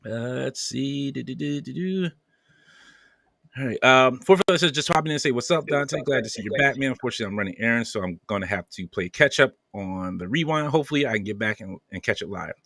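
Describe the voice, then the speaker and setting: A man's voice: medium pitch, animated, quick pace, vocal fry, sharp tone, dry recording. A man hosting a podcast, casually reading viewer comments aloud with playful banter and frequent laughter. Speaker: podcast host.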